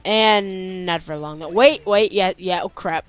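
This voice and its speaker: A young man giving gameplay commentary, tired and yawning, complaining one moment and yelping with excitement the next. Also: high voice, a little slow, few pauses. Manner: excitable, complaining, with sudden yelps. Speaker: let's play host. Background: faint game music.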